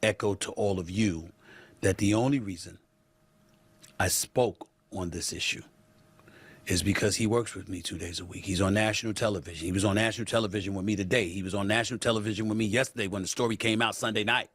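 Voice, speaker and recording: Male talk host, very deep voice, measured and deliberate commentary. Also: fairly even intonation, fairly bright tone, husky, no room sound. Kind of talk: news commentary discussion.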